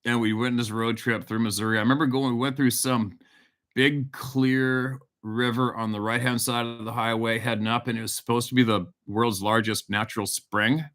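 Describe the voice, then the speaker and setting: A man's voice: mid-range voice, flat delivery, normal speed, fairly bright tone. A middle-aged man from Canada hosting a casual live stream, reading out viewers' locations and telling a loose, profane hunting story. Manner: reads out viewer locations, swears casually, tells stories. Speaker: hunting show host on a livestream.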